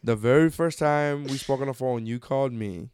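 A man's voice: mid-range voice, normal speed, darkish tone, clean tone. A young man co-hosting a casual podcast, telling rambling, profane stories into a studio mic. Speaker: podcast co-host. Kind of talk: casual chat. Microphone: studio microphone.

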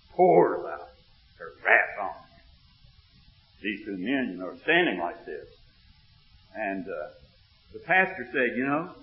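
A man preaching a sermon, telling a story with quoted dialogue, then rising into emphatic preaching. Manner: animated, retells dialogue in a low voice, rises when preaching. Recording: muffled recording in an echoey hall.

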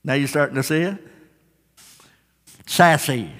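A man's voice: on the high side, measured pace, a bit bright. A man preaching a sermon, retelling a story dramatically and firing rhetorical questions at the congregation. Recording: long hall reverb.

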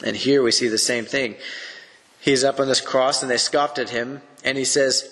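A man's voice: medium pitch, fairly even intonation, moderate pace, fairly bright tone, long reverb tail. A man teaching through a Bible passage on a podcast. He speaks earnestly in a preacherly way and poses rhetorical questions.

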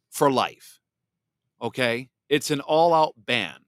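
A man hosting a political commentary podcast, blunt and sarcastic, reading viewer comments aloud and sometimes mocking others in a shrill put-on voice. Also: animated, normal speed, fairly bright tone, no echo, studio quality. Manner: blunt and sarcastic, mocks voices in exaggerated falsetto. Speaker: podcast host.

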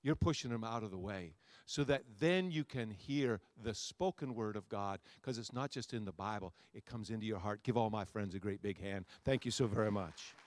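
A man, a pastor, preaching a sermon to his congregation, with a repetitive, rousing cadence that swings between loud soaring lines and quiet asides. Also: on the low side, normal speed, few pauses, dry recording. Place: church sanctuary before a congregation.

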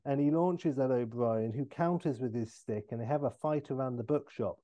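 Mellow man telling a comic story. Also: medium pitch, moderate pace, no room sound. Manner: animated storytelling with fillers. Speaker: comedy podcast panelist. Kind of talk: narrating a comic film pitch.

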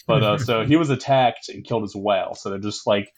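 A man's voice: lowish voice, normal speed. A young man hosting a casual history podcast, rambling with many fillers, laughing often and swearing casually. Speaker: podcast host.

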